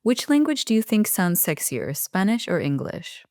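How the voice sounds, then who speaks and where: A woman's voice: mid-range voice, sing-song, normal speed, darkish tone, no echo, clean studio sound. A woman from the United States co-hosting a podcast in casual chat, laughing often and peppering her speech with "like.". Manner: chatty, laughs often, lots of "like". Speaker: podcast co-host.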